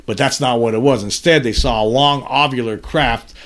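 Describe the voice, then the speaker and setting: A male podcast host who reads news stories aloud and then breaks off to comment on them. His commentary is earnest and somber, and his voice sits at an ordinary middle pitch. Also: steady tone, normal speed, fairly bright tone. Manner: earnest, somber commentary between read passages. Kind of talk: reading news articles aloud with personal commentary.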